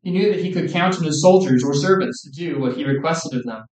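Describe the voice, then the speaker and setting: Male preacher, earnest sermon delivery, slightly high voice, far off in an echoey hall. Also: darkish tone. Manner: earnest, measured, quoting scripture. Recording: echoey room, distant mic.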